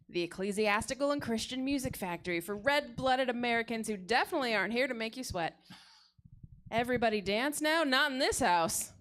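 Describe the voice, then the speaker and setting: Woman doing a preachy church-music saleslady, high voice, all hype. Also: fairly bright tone. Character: woman as a greedy prosperity-gospel music huckster.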